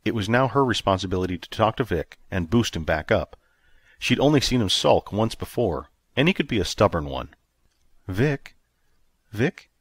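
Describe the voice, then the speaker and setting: A man narrating an audiobook in a steady, even storytelling manner. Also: fairly low pitch, a little fast, slightly rough, no room sound. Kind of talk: scripted narration.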